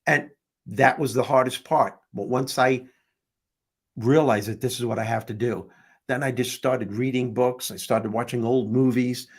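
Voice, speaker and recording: A man's voice: mid-range voice, fairly even intonation, normal speed, breathy edge. New York man telling a funny story. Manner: storytelling, humorous, swears casually. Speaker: host. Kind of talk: casual chat.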